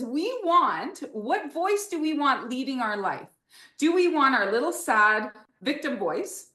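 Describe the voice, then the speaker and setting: A woman author and educator talking in an interview, animated and encouraging, often asking rhetorical questions. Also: fairly high pitch, roomy sound. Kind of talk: enthusiastic teaching talk in an interview.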